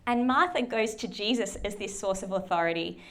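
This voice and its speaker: A woman's voice: medium pitch, fairly quick. A woman preaching a sermon in a conversational, chatty way, acting out quoted lines playfully. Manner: conversational, chatty, with lots of fillers.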